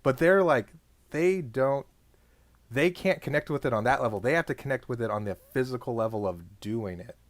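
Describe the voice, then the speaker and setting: A man's voice: mid-range voice, moderate pace, no room sound. Rambling young man with dry sound. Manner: rambling, lots of "like", laughs often. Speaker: podcast co-host. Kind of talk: casual chat.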